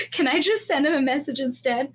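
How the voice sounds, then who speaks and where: A woman's voice: sits high, lively intonation, normal speed. A woman playing in a tabletop game, talking in a hesitant, casual way. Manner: hesitant, giggly. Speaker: player.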